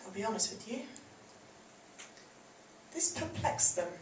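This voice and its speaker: A woman's voice: medium pitch, expressive, unhurried. A woman performing a stand-up comedy set on a theatre stage, chatty and giggling through her lines. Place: theatre stage before a live audience. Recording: echoey, distant live recording with noise.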